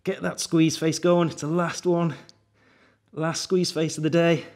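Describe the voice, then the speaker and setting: A man's voice: a little high, flat delivery, unhurried, darkish tone. A young man leading a beginner workout as fitness coach, counting reps and urging listeners on while out of breath. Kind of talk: guided workout instruction.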